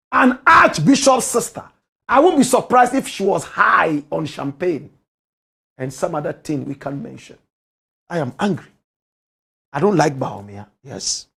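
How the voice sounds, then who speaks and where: A man's voice: high-pitched, vocal fry, a bit bright, breathy edge. A man with a Ghanaian accent hosting a commentary show, delivering a heated rant full of rhetorical questions. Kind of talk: impassioned political commentary.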